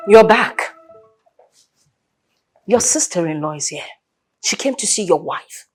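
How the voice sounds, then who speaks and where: A commanding, imperious mother-in-law in a Nigerian film drama. Her voice is low and very husky, with a Nigerian English accent. Soft music plays underneath. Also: expressive, slow pace, exaggerated voice. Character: domineering older mother-in-law, hostile and proud.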